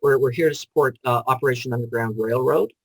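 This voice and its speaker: Relaxed male host in casual chat. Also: mid-range voice, fast, no echo, poor audio. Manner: relaxed, many "you know" fillers.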